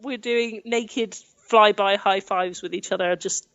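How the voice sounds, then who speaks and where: A woman's voice: medium pitch, steady tone, measured pace, fairly bright tone, dry recording, lo-fi sound. A young woman from England telling travel stories in a chatty way. She laughs often and acts out the things people said. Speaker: podcast guest, adventurer. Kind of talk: casual storytelling in an interview.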